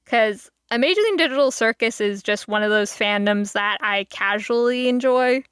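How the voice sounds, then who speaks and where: A woman's voice: on the high side, moderate pace, fairly bright tone, clear, resonant tone, dry recording, clean studio sound. A woman streamer chatting casually to her viewers, rambling with many fillers and laughing asides. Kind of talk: casual live-stream chat.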